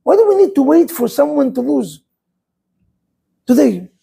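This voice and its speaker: A man's voice: extremely high pitch, big pitch swings, a little slow, gravelly, long pauses, warm tone, rough recording. A man, a rabbi, preaching an impassioned sermon full of rhetorical questions.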